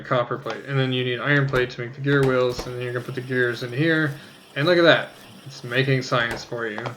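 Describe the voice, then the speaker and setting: A man's voice: mid-range voice, fairly bright tone, a little hiss or hum. A man casually talking through a game tutorial, rambling, joking at his own expense and swearing now and then. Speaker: let's play host.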